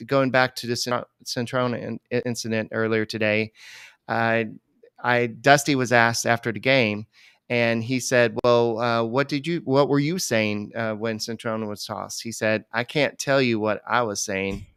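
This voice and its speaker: A man co-hosting a baseball podcast, talking casually and rambling with many pauses. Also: mid-range voice, steady tone, fairly bright tone, clean tone, dry recording, studio quality. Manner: rambling, many fillers and restarts. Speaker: podcast co-host. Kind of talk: casual sports chat.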